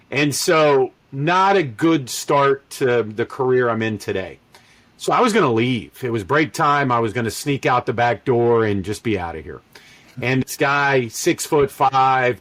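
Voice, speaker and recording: A man in his forties, relaxed and conversational, telling his career story as a podcast guest and acting out quoted lines. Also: medium pitch, no echo. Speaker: podcast guest, call center executive. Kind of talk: casual storytelling interview.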